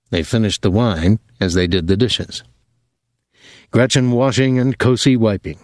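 Low-voiced male audiobook narrator. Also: unhurried, darkish tone, no room sound. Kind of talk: scripted narration.

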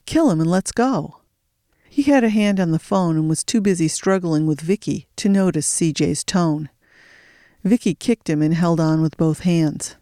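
A narrator reading a thriller audiobook in a steady storytelling voice, slowing for suspense. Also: mid-range voice, dry recording, clean studio sound.

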